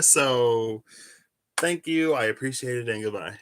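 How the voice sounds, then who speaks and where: A man's voice: medium pitch, unhurried, sharp tone, no echo. A man chatting casually as he shuffles and pulls tarot cards, rambling and correcting himself as he goes. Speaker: tarot reader. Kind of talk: casual tarot reading vlog.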